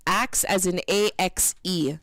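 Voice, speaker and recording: A woman co-hosting an internet radio show, chatting casually and telling stories in an animated way. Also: fairly low pitch, slow, dry recording.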